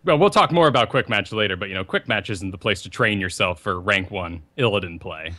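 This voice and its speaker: A young man with a bright, forward voice co-hosts a gaming podcast. His pitch swings widely as he tells rambling stories with a lot of energy. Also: a little fast. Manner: animated, rambling storyteller. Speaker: podcast co-host. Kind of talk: casual podcast chat.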